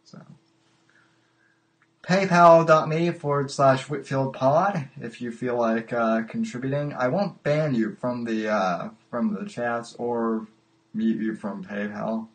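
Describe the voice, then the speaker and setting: A man hosting a casual livestreamed call-in podcast, talking in a halting way and repeating his words. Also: mid-range voice. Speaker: podcast host.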